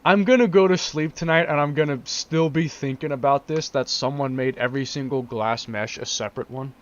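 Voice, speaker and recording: A man's voice: mid-range voice, fairly quick. A man in a casual vlog, ranting in exasperated disbelief, repeating himself and laughing. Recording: dull lo-fi recording.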